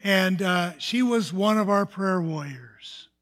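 An older male pastor with a notably high-pitched voice shares a personal testimony. He tells the story earnestly, with halting restarts and fillers, in a plain sermon style. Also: expressive, a bit bright.

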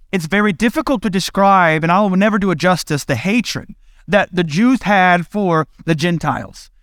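A man's voice: high-pitched, normal speed, fairly bright tone, no room sound, studio quality. A man preaching a casual sermon to his congregation, retelling Bible stories in a playful, conversational way and laughing at his own retellings. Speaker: pastor.

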